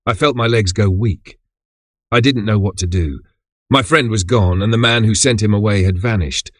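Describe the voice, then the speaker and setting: A man narrating a horror story in the first person in a steady, measured way. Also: lowish voice, no echo, clean studio sound. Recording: background music under voice.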